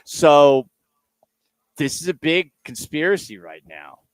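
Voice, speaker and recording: A man's voice: on the high side, sing-song, slow pace, dry recording. A man hosting a sports radio show, talking casually in a sarcastic, rambling, self-mocking way.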